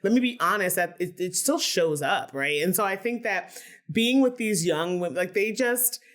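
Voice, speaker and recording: A woman from Philadelphia, a podcast guest talking candidly and casually, with many "like"s and an animated, open way of speaking. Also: medium pitch, moderate pace. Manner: candid, animated, heavy use of "like". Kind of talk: casual conversation.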